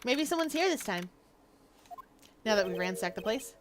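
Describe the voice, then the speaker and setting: A woman's voice: medium pitch, animated, normal speed, slight background noise, natural voice. A woman reading as an earnest young lawyer.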